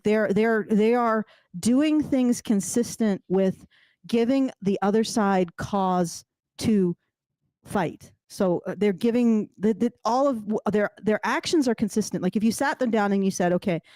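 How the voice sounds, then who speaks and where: A woman's voice: mid-range voice, no echo. A woman casually breaking down a TV drama, talking with lots of restarts and acting out characters' lines. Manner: animated, many restarts, acts out characters' lines. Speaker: commentator. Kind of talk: casual TV show analysis chat.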